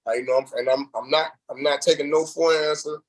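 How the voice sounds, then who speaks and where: A man's voice: on the high side, fast talker, rough recording. A man, a reality show contestant, telling his story in a loose, rambling casual interview, acting out the voices of people he quotes. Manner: animated, acts out quoted voices; loose and rambling with many fillers.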